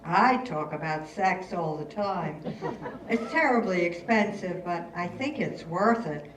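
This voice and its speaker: A woman's voice: fairly low pitch, expressive, unhurried, a little hiss or hum. An older woman in a staged reading, playing a sardonic, rebellious rich girl writing letters. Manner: sardonic, theatrical. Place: stage in a hall. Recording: roomy, distant hall recording.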